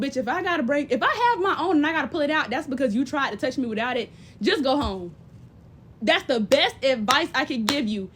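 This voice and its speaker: A young woman giving blunt, profane, big-sister advice in casual chat, animated and often mimicking other people's voices. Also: sits high, slight background noise. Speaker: livestream host.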